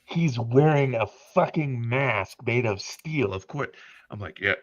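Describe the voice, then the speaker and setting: A man hosting a casual livestream chat, animated and profane, laughing often as he tells stories. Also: medium pitch, unhurried, no room sound, highs cut off. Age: older than internet youth. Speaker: podcast host.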